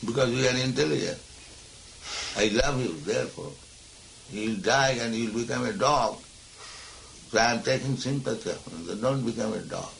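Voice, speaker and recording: A man's voice: medium pitch, moderate pace, vocal fry, long pauses, fairly bright tone, slight background noise, rough recording. A man, a spiritual teacher speaking emphatically and admonishingly in a philosophical discussion.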